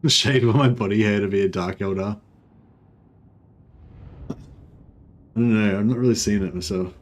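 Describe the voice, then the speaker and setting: A man's voice: lowish voice, moderate pace, poor audio. A man streaming a strategy game, commenting casually in a rambling, self-interrupting way and swearing now and then. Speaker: gaming streamer. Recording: steady background noise.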